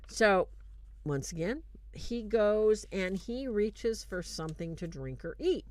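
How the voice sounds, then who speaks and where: A woman hosting a show, retelling a film in casual, animated commentary with fillers and restarts, turning earnest when she draws lessons. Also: medium pitch, a little slow, dry recording. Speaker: host reviewing a film.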